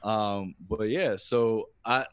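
Excitable male co-host, casual chat, dry close sound. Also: fairly low pitch, takes it slowly, smooth, dry recording. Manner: excitable, swearing, acts out quotes. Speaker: podcast co-host. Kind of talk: casual group podcast chat.

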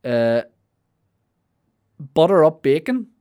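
A man's voice: fairly high pitch, very animated, slow, warm tone. A man, a comedian riffing playfully through a podcast monologue with plenty of swearing.

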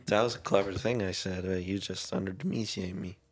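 A man with a lowish voice chats casually with friends on a podcast. He tells stories with energy, slipping into the voices of the people he quotes. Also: brisk. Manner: animated storyteller, acts out quoted friends. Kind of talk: casual chat.

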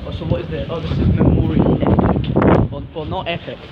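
A man's voice: fairly high pitch, flat delivery, brisk. Young guy goofing around on a walk podcast, lots of wind hitting the mic. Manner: jokey, playful, says epic a lot. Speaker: podcast co-host. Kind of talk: casual outdoor chat while walking. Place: outdoors, walking around town. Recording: loud wind noise, dull lo-fi sound.

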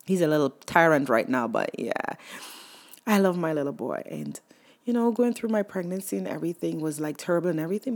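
A young woman talks openly about motherhood in a lowish voice. She speaks candidly and emotionally, stopping often on ums and you-knows. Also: a little mellow. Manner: candid, emotional, many fillers. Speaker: mother sharing her story. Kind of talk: personal testimonial.

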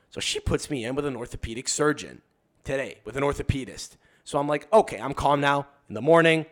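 A young man rambling through a story on a casual podcast. He swears freely, stops and restarts, and slips into quick impressions of the people he describes. His voice sits at an ordinary mid pitch. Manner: acts out other people's voices in anecdotes. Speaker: podcast guest.

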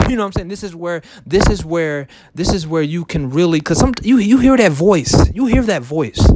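Chatty, rambling man, fairly high voice. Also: animated, normal speed, noisy background. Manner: loose and repetitive, heavy fillers and restarts. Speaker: vlogger and shoe reseller. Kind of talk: casual motivational talk to camera.

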